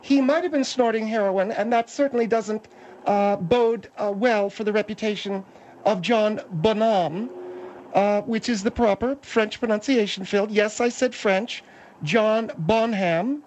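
A man's voice: high voice, fairly even intonation, normal speed, darkish tone, a little hiss or hum, pitched above the performer's own voice, lightly acted, low-quality recording. A man voicing a prim, pompous older woman columnist who speaks with indignant authority. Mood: haughty.

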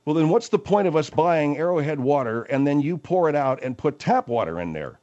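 A man's voice: on the high side, brisk, lo-fi sound. A man hosting a comedic radio bit, talking in an exasperated way. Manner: exasperated, animated. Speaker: radio show host.

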